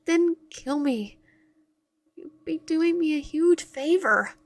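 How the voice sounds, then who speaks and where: A woman's voice: lowish voice, normal speed, pushed and bright, no echo, soft background music. A woman voicing a terrified young woman in a game, pleading and falling apart with self-loathing. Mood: sobbing, desperate.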